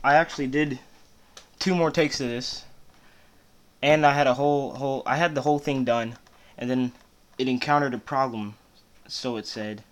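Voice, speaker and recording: A man's voice: medium pitch, steady tone, normal speed, long pauses. A man chatting between takes of his own rap song in a studio, weary and self-mocking as he rambles. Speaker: amateur rapper recording takes.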